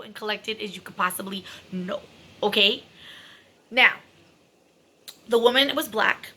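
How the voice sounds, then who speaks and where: A woman's voice: on the high side, pushed and bright. A woman telling a personal story in a chatty, dramatic vlog style, full of fillers and asides. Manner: chatty and dramatic, many fillers, self-described extra.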